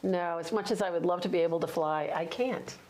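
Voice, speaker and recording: A woman's voice: on the low side, a little fast, a loud crowd. A middle-aged woman, a university president, chatting cheerfully in an interview and laughing often. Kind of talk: casual interview chat.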